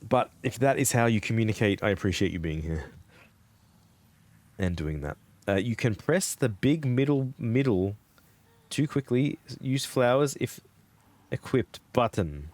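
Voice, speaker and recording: A man live-streaming a video game, chatting with viewers, excitable, laughing and swearing often. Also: mid-range voice, measured pace, dry recording.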